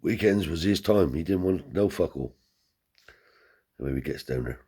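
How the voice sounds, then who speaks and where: A man's voice: low voice, lively intonation, moderate pace, dark tone, slightly rough. A man telling a rambling anecdote in casual, profane speech, lifting his voice to act out the people he quotes. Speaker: storyteller.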